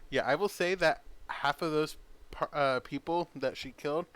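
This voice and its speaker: A man's voice: a little high, moderate pace, a bit bright, clear, resonant tone. A man narrating a tabletop game as game master, casual and descriptive, with fillers.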